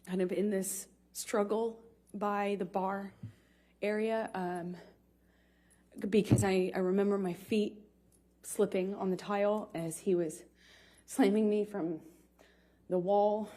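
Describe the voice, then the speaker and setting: A woman giving courtroom testimony as a witness, speaking haltingly with many restarts and pauses, sounding shaken. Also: mid-range voice. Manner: quiet and shaken, voice rising with distress. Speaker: trial witness.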